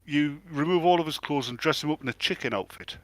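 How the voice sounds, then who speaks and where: A man's voice: on the high side, fast, no echo. A man, cohosting a casual podcast and building up jokes. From England. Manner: joking, builds up punchlines. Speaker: podcast co-host. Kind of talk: casual chat.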